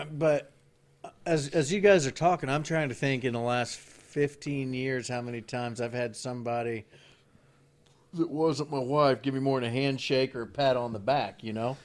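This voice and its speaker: A man's voice: mid-range voice, normal speed. A man co-hosting a casual podcast chat, joking about himself and laughing. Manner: self-deprecating, laughs at himself. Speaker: podcast co-host.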